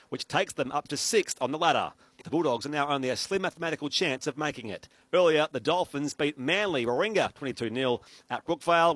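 A man's voice: fairly high pitch, fairly bright tone, dry recording. Male radio news reader, formal. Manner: measured, formal. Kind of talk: scripted news reading.

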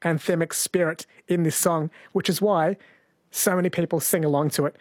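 Reading from a script, a music radio host with a highish voice and fairly even intonation talks at normal speed. There's no echo as he introduces songs and explains poetry with a light, playful touch.

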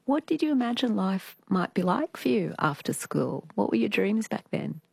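A woman's voice: mid-range voice, very animated, normal speed, vocal fry, breathy edge, no room sound, studio quality. A middle-aged woman hosting an interview, asking curious questions of her guest. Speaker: interviewer, host.

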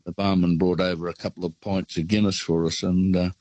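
An older Australian man calling in to a radio show, telling rambling, relaxed travel stories. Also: deep voice, fairly quick, no room sound, rough recording. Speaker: caller. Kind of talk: phone-in storytelling.

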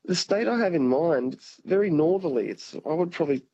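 A polite man phoning a radio quiz, with a husky voice pitched somewhat high for a man. He answers thoughtfully and courteously. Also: expressive, a little fast, warm tone, highs cut off. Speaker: caller.

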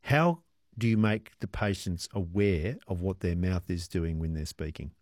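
A man hosting a radio interview, asking curious questions with many hesitations and giving brisk station announcements. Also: low voice, darkish tone, no echo, clean studio sound. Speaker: radio host.

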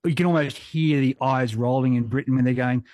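A man's voice: medium pitch, fairly even intonation, a little fast, darkish tone, no echo, studio quality. A man, a history podcaster, telling history on radio in a playful, wry way. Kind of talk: radio interview.

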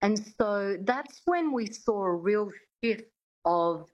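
A woman's voice: medium pitch, animated, slow pace, darkish tone, muffled recording. A woman, talking as a coach and guest on a radio show, explaining with easy fillers. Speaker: accent coach.

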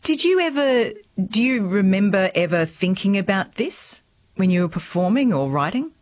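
A woman hosting a radio interview, asking probing questions in a warm way. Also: medium pitch, big pitch swings, normal speed, dry recording. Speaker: radio host.

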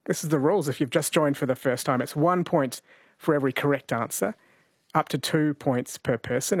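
A man hosting an overnight radio show, chatting in a relaxed way and reading out listener texts. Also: mid-range voice, dry recording, clean studio sound. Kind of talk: late-night radio talk. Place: radio studio. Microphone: studio microphone.

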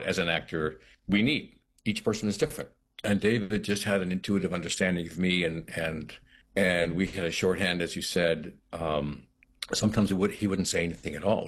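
A man's voice: deep voice, husky. An American man, an actor, talking reflectively in an interview, with frequent restarts and "you know". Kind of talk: interview conversation.

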